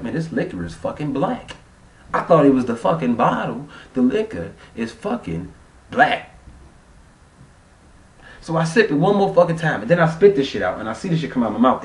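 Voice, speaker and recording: Animated, profane man telling a story. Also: medium pitch, far from the mic. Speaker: vlogger. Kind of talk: casual storytelling vlog. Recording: roomy sound, off-mic.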